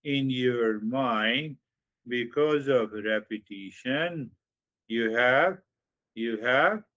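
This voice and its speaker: A man teaching meditation at an unhurried, measured pace, repeating short phrases and stretching out words before rising sharply for emphasis. His voice sits in an ordinary middle register. The recording sounds dull and a little muffled. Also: mid-range voice, bright, forceful tone. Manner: slow and repetitive, with drawn-out phrases and sudden emphatic rises. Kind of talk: spiritual talk.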